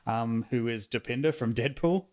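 A man's voice: mid-range voice, moderate pace, darkish tone. Hesitant man in casual podcast chat. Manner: hesitant, stammering restarts. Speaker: podcast co-host.

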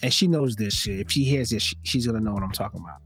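A man hosting a casual talk podcast, telling stories and acting out loud quotes as he goes. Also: on the low side, quick pace, breathy edge, soft background music. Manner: animated storytelling with loud acted-out quotes. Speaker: podcast host. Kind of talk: casual conversation.

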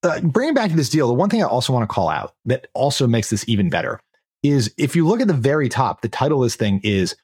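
A man's voice: medium pitch, big pitch swings, quick pace, darkish tone, husky, dry recording, clean studio sound. A man co-hosting a business podcast, talking casually, with eager and blunt remarks. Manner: enthusiastic, blunt. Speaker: podcast co-host. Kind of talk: casual chat.

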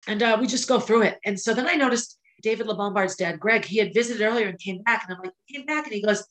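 A middle-aged woman hosting a podcast, telling a personal story with emotion, at times near tears, with pauses and restarts. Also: mid-range voice, fairly bright tone, poor audio. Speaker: podcast host. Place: indoors, filming herself.

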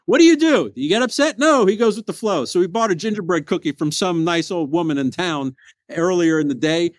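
A man hosting a motivational podcast, telling a story with loud emphatic peaks and quiet low asides. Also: no echo. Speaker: podcast host.

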